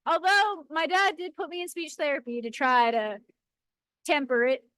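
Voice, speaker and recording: A woman's voice: high voice, moderate pace, fairly bright tone. A woman with a Boston accent co-hosting a casual live stream, playful and teasing. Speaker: co-host of a live rock-cutting stream.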